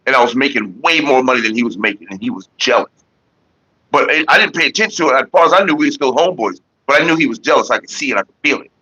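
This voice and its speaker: Husky guy rambling on his morning stream, greeting chat, kinda muffled lo-fi sound. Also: medium pitch, lively intonation, rapid-fire, pushed and bright. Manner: loose storytelling, greets chat viewers. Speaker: livestream host. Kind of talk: casual livestream chat. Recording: dull lo-fi stream audio.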